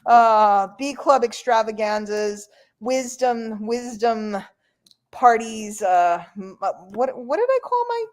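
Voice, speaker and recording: A woman's voice: fairly high pitch, expressive, slow. A woman from New York hosting an online call in casual, rambling chat. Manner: chatty, rambling, playful.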